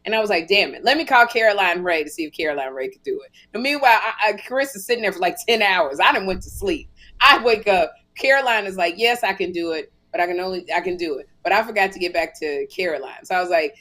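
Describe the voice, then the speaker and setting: A woman's voice: mid-range voice, expressive, fast talker, a bit bright. A middle-aged woman hosting a podcast, chatting casually and acting out dialogue as she tells a funny story. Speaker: podcast host. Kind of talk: casual comedic chat.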